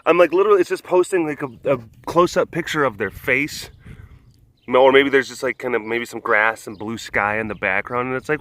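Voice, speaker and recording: Lively, playful man rambling outdoors. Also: medium pitch, fairly quick, dry recording. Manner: rambling and playful, heavy with fillers; coos softly at the animals. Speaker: host. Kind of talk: casual vlog chat. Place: outdoors at an animal compound.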